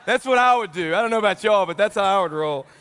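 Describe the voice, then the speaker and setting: A man giving a sermon as a youth pastor, animated and full of jokes, acting out the voices he quotes. His voice sits fairly high, and a long reverb trails each line in a large church hall. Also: quick pace, clear, resonant tone. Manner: animated, joking, acts out quotes.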